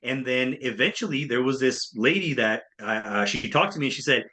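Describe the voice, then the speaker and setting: Bright-voiced man telling his story. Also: mid-range voice, a little fast, few pauses. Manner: animated, acts out quoted voices. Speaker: guest, speaker and coach. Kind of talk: storytelling in a podcast interview.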